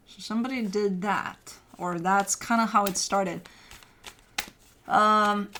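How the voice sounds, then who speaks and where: A woman with a medium-pitched, slightly bright voice gives a casual tarot reading. She speaks directly to the listener in loose language and curses now and then.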